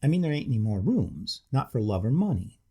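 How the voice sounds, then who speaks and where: A man voicing a deferential, muddle-headed old-fashioned hotel waiter who chats eagerly, with a gravelly, husky voice. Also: medium pitch, very animated, a little fast, mellow. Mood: chatty deference. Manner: deferential, chatty, homely.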